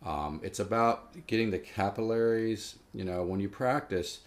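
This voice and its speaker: Low-voiced man teaching guitar. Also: moderate pace. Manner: rambling, restarts, emphatic about practice. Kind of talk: casual guitar lesson. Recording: faint guitar playing behind.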